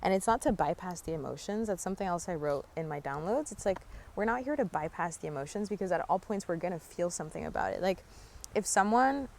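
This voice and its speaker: Young woman thinking out loud in a park, lowish voice, faint outdoor sounds behind. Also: lively intonation, fast talker, creaky, a little hiss or hum. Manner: musing, earnest, lots of "like" fillers. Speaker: spiritual vlogger. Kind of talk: casual reflective monologue.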